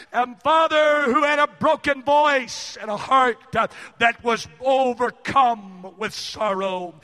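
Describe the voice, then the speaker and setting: A man preaching a sermon, impassioned and climbing into shouts, with frequent "uh" pauses. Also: very high voice. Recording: echoey hall reverb.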